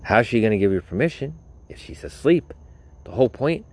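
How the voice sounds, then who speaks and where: A gruff little dwarf , put on by a man, bellows and curses in a strained voice pushed well above his usual pitch. He loses his temper at full volume, and the sound is loud and strained. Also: sing-song, brisk. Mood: furious. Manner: yelling, cursing. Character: gruff angry male dwarf, short-tempered.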